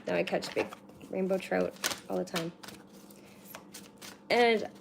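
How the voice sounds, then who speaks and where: A woman's voice: lowish voice, takes it slowly, creaky. A woman giving a casual livestream card reading at home, chatty and rambling, with lots of filler words and casual swearing. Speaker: card reader. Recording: noisy with card shuffling and clicks. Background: shuffling cards and clicks.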